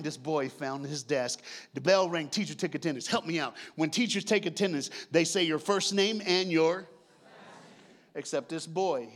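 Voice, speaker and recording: A male pastor telling a story in a sermon, joking and talking back and forth with the congregation. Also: on the high side. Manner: lively, jokes with the congregation. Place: church sanctuary.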